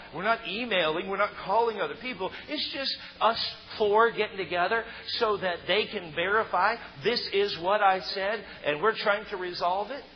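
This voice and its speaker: A man preaching a sermon, emphatic and stressing key words loudly. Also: high-pitched. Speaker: pastor. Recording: muffled sound in a reverberant hall.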